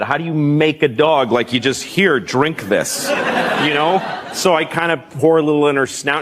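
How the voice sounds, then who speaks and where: A comedian telling an anecdote as a talk-show guest, deadpan and bursting into loud acted-out voices. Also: male voice, on the high side, background noise. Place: New York.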